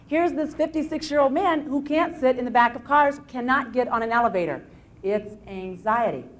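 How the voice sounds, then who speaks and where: A woman lecturing on anxiety at a live seminar, telling case stories in an animated way with frequent restarts. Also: on the high side. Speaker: anxiety self-help lecturer. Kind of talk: live motivational seminar talk.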